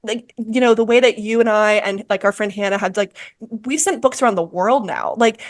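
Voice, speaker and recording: A woman's voice: medium pitch, normal speed. A young woman hosting a podcast, chatting casually and rambling through many restarts and fillers. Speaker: podcast host. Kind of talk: casual chat.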